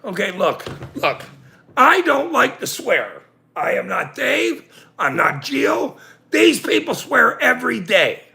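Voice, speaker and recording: A middle-aged man rants to his livestream audience, cursing and mocking as he goes. His voice is high and heavily gravelly, with a slow, deliberate delivery and wide swings in pitch. The tone is sharp and bright. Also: huge pitch swings. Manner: profane, sarcastic ranting, talks to chat. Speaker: livestream host. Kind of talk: ranting livestream chat.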